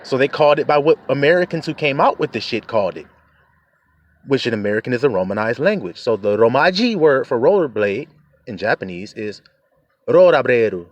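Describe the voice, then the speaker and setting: A man's voice: medium pitch, expressive, brisk, dry recording, highs cut off. A man preaching in a casual, emphatic way, cursing freely and chuckling often. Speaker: religious teacher. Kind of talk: informal preaching rant.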